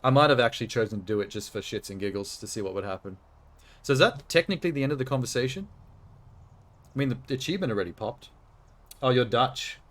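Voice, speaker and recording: An Australian man in casual commentary while streaming a game. His voice sits at a middle pitch, and his delivery is chatty and quick to laugh. He swears freely. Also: expressive, fairly bright tone.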